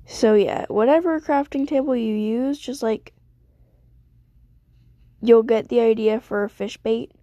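A woman's voice: a little high, measured pace, pauses often, warm tone, dry recording, dull audio. A young woman streamer giving rambling, self-deprecating casual commentary while she plays a game.

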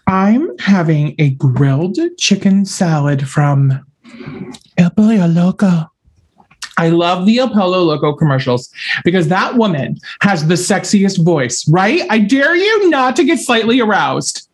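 A man's voice: high voice, measured pace, slightly rough. A man hosting a podcast, telling funny stories and acting out every scene dramatically. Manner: dramatic, animated storyteller who acts out scenes. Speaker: podcast host. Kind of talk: podcast chat and storytelling.

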